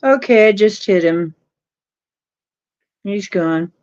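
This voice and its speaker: A woman's voice: mid-range voice, expressive, slow pace, a little mellow, smooth. A woman hosting a casual livestream chat, scornful and mocking, laughing often. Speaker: livestream host. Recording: dull lo-fi stream audio.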